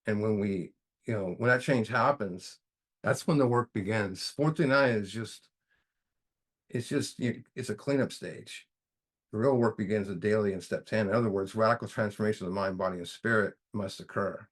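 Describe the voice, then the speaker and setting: Low-voiced man leading a study group. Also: moderate pace. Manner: folksy, repeats words and says "you know" often. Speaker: recovery study group leader. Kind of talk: casual teaching talk.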